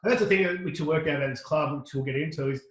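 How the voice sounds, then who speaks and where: A middle-aged Australian man, a podcast guest, tells a lively anecdote full of restarts and quoted dialogue. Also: a little high, fast talker, reverberant, low-quality recording. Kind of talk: casual storytelling.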